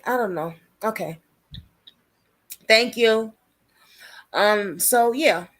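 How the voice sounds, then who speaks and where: A woman's voice: on the high side, drawn-out words, a bit bright. Chatty woman hosting a live stream. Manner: talkative, reads and answers viewer comments aloud; informal slangy speech. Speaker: livestream host covering a criminal case. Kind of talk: casual live-stream chat with viewers.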